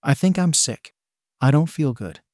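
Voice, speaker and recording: A man voicing a sick, tired teenage boy who speaks weakly and quietly. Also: a little high, lively intonation, normal speed, dry recording, studio quality, natural voice. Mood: weary. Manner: weak, subdued.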